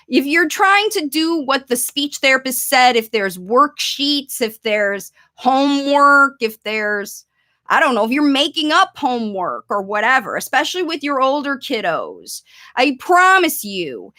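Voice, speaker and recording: A middle-aged woman coaching parents in a casual live talk, explaining and slowly modeling words for emphasis. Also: high-pitched, sharp tone. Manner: conversational and instructive, models phrases slowly for emphasis.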